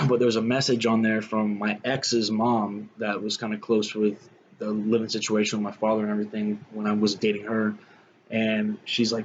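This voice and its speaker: A man's voice: fairly low pitch, steady tone, normal speed, muffled recording, a little hiss or hum. A young man telling his own life story in a casual, rambling way, full of "man" and "you know".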